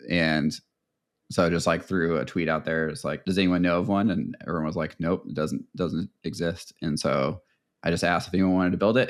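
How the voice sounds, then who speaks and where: A man speaking as a podcast guest, chatting casually and enthusiastically in long, run-on answers. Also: sits low. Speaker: podcast guest, web designer. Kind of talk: casual interview chat.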